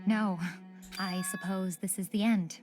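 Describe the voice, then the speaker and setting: An actress voicing a poised young woman character in a game, speaking in a soft, measured, resigned way. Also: medium pitch, steady tone, soft background music, lightly acted. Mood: calm.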